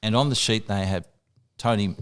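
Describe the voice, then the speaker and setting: Older broadcaster, lowish voice, animated, emotional storyteller. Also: male voice, moderate pace, smooth. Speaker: radio broadcaster, guest. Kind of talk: storytelling in casual chat.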